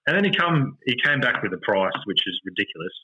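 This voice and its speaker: An Australian man hosting a podcast, telling a story in an animated, exasperated rant with lots of swearing. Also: mid-range voice, fast, husky, rough recording. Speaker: podcast host. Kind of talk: casual storytelling chat.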